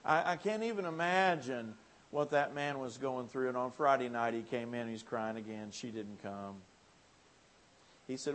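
A man preaching a folksy revival sermon in a church, swinging from quiet asides to loud, lifted appeals. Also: mid-range voice, moderate pace, a little hiss or hum.

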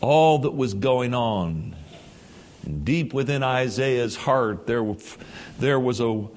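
A man preaching a sermon, reading scripture in an archaic cadence and swinging from hushed tones to shouting. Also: mid-range voice, lively intonation, takes it slowly.

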